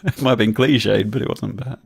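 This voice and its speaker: A man playing a game and chatting, throwing in quick teasing, sarcastic asides. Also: on the low side, fairly even intonation, vocal fry, breathy edge. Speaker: game player. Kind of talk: joking banter over a game.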